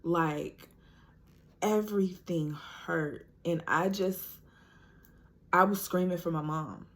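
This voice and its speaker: A woman's voice: on the low side, takes it slowly. A woman vlogger telling a personal story to camera in a chatty, casual way, full of "like" and "you know," talking straight to her viewers.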